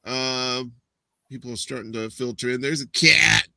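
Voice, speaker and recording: A man hosts a live show in loose, rambling chat, joking and filling pauses as he goes. His voice is strikingly bright and pushed forward. The sound is close and dry, with no room around it. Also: medium pitch, gravelly, no room sound. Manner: rambling, joke-telling, many fillers. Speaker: show host.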